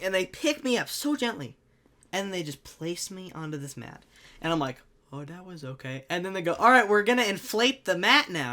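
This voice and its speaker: A young man telling a comic personal anecdote in an animated, jokey way, with sudden loud bursts. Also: sits high. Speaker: storyteller.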